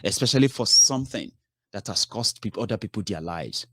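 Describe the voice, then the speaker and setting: A man's voice: fairly low pitch, lively intonation, a little fast, fairly bright tone, husky, dry recording, clean studio sound. Exasperated man scolding his audience. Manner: exasperated, scolding, rhetorical questions, swears. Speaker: political commentator. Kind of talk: heated political commentary monologue.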